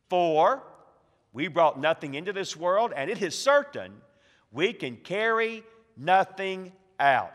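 A man preaching a sermon as a pastor, slowing down to stress words and swinging between quiet and loud. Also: high-pitched, very animated. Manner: emphatic preaching with slow, stressed phrases and swings in volume. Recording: reverberant hall.

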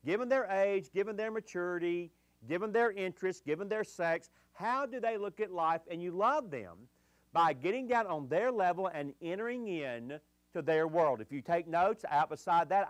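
Pasteur à la voix assez haute. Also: male voice, high-pitched, no room sound. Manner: deliberate, repeats key phrases. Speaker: pastor. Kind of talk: sermon.

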